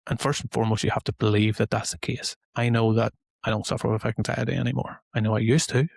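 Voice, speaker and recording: A man's voice: lowish voice, flat delivery, fast talker, creaky, husky, no room sound. A man with an Irish accent, hosting a podcast and giving casual self-help advice in a loose, repetitive way. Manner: conversational, loose and repetitive phrasing. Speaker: podcast host and coach.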